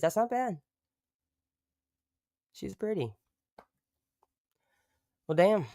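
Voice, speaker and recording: A man with a smooth, clean voice at a middling pitch, recorded dry and close with no room sound. He talks casually and rambles on a live stream, swearing freely and stopping now and then to call his dog. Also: a little mellow, no echo. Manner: profane, rambling, breaks off to talk to his dog.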